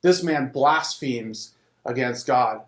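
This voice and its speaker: A man voicing a stern, indignant high priest who demands plain answers. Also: slow, fairly bright tone. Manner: exasperated, demanding. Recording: roomy echo.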